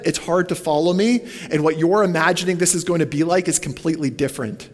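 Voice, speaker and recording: A man's voice: a little high, fast talker, few pauses, long reverb tail. A man preaching a sermon in a church, talking casually and putting questions to the congregation. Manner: conversational, asks the congregation questions, goes off on tangents. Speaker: pastor.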